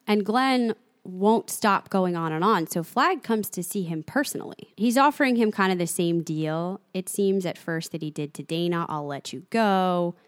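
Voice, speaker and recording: A woman co-hosting a casual podcast discussion, reading passages aloud in an animated way. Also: mid-range voice, moderate pace, few pauses, no echo. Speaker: podcast co-host. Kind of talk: casual book and show discussion.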